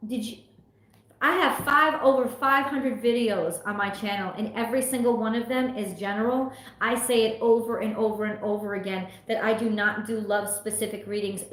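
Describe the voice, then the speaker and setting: A young woman, a tarot reader, talking casually from home on a livestream and venting her frustration with some swearing. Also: mid-range voice. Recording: echoey room.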